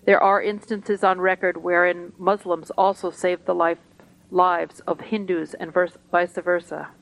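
A woman reading a spiritual talk aloud to a gathering in a slow, deliberate, measured way. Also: lowish voice, little pitch movement, creaky, low-quality recording.

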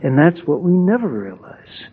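A man giving a reflective spiritual talk, pausing thoughtfully as he reads and comments on passages. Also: a little high, big pitch swings. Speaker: satsang speaker. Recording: tinny phone-like sound.

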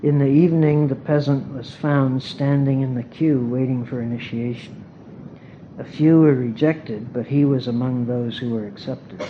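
A man's voice: mid-range voice, fairly even intonation, moderate pace, a little hiss or hum. Man reading a story, muffled tape. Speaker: reader at a spiritual gathering.

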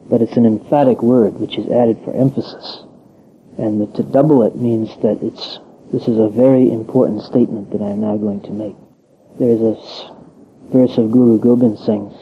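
Male religious teacher, measured and reflective; low voice, lo-fi recording with faint hiss. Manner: measured, reflective, pauses with ums. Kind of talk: scripture commentary talk. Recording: tinny phone-like lo-fi recording.

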